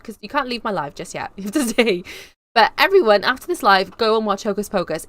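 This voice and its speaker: A bubbly young Englishwoman chats away on a live stream, reading out comments from her viewers and greeting them. Her talk is loose and rambling, full of "like" and "um," and her voice sits at an ordinary middle pitch. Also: animated, quick pace, fairly bright tone, no room sound. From England. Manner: chatty, bubbly, rambling with fillers. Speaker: YouTube host.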